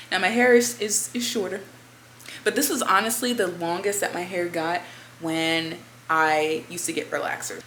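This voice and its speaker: A woman's voice: medium pitch, fairly bright tone, a little hiss or hum. A woman vlogging from home in a rambling, chatty way, full of "you know" fillers. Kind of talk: casual chat to camera. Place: indoors at home, upstairs. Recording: echoey room.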